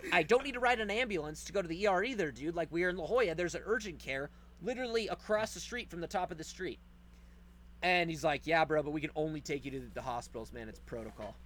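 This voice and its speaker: A man telling a story in casual podcast chat, animated and profane, acting out the people in it. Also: fairly high pitch, quick pace, slight background noise. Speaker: podcast host.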